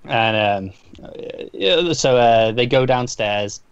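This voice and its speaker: A man chats through a comic book plot in an easy podcast style, circling back and restarting his sentences as he goes. His voice sits at an ordinary middle pitch, and the recording is dry and a little dull, with little room sound. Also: animated, takes it slowly, smooth, dry recording. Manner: rambling recap with frequent restarts and fillers. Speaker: podcast co-host. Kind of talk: casual comic book review chat.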